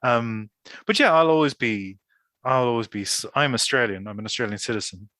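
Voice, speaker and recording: A man's voice: medium pitch, lively intonation, a little fast, bright, forceful tone, no echo. Man hosting, dry close sound. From Ireland. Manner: thoughtful, hesitant with many restarts. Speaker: podcast host. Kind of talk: casual conversation.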